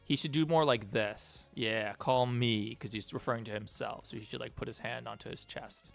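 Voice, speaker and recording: A man's voice: mid-range voice, fairly quick, creaky, fairly bright tone, faint music behind. A man streaming as an animator, chatting casually and thinking aloud while he works. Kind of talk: casual live stream chat.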